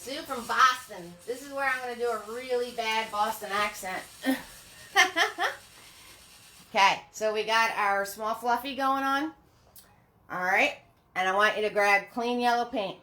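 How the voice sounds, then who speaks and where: A woman's voice: on the high side, unhurried, pauses often, bright, forceful tone, a little hiss or hum. A woman teaching a live painting lesson, chatting and greeting viewers by name with pet names like sweetie and hon. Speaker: painting instructor. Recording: echoey room with faint music.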